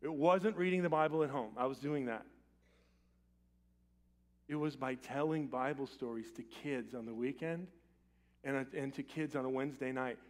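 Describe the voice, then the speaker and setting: A man preaching a sermon as pastor in a church, swinging from loud urgent appeals to quiet, intimate lines. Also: mid-range voice, moderate pace, pauses often. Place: church sanctuary.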